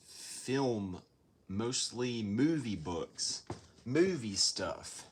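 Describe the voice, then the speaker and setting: Slow, rambling man vlogging at home. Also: fairly low pitch, lively intonation, fairly bright tone, breathy edge. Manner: meandering, halting, self-deprecating. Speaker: vlogger showing his book collection. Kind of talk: rambling casual vlog.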